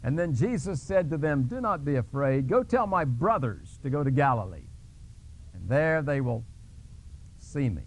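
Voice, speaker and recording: Very animated and speaking at a moderate pace, the male pastor acts out a scripture scene and unpacks a word during his sermon. He restarts and uses fillers, and his pitch jumps suddenly as he tells the story.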